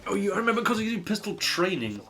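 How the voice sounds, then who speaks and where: A man's voice: high voice, sing-song, quick pace, pushed and bright. A young man streaming a game, rambling and self-deprecating in casual commentary.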